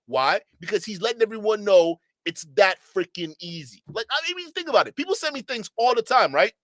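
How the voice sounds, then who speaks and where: A man hosting a commentary channel, talking to chat in an animated, sarcastic, rambling way. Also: sits high, fairly quick, no room sound. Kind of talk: reaction commentary.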